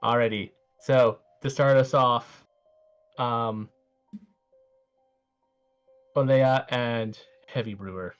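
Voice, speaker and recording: A man's voice: medium pitch, fairly even intonation, slow, pauses often, smooth, muffled recording, soft background music. A man running a tabletop game as game master, easygoing and hesitant.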